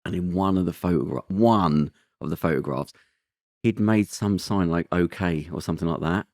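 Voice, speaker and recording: A man with a very deep voice, hosting a relaxed podcast conversation. He tells rambling stories with emphatic bursts, recorded in a dry, close setting. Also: moderate pace, no echo. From Britain. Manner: rambling, emphatic, animated storytelling. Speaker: podcast host. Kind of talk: casual chat.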